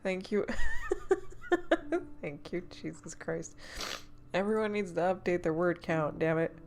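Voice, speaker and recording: A woman's voice: on the low side, slow, a little mellow. A young woman chatting casually on a livestream, tearful and laughing between words. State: tearful, crying. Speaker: streamer. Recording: faint background music.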